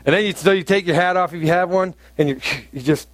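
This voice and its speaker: A male pastor preaches a conversational sermon in a high-pitched, fast voice, putting questions to the congregation and acting out taunts at raised volume. There's no room sound on the recording.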